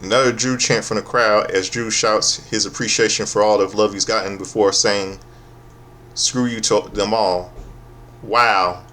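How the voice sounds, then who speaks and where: A man with a lowish voice recaps a wrestling show in a loose, casual way. He is sarcastic and swears freely. He often stumbles over his words and restarts his sentences. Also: fairly even intonation, sharp tone. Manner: profane, sarcastic, halting with restarts.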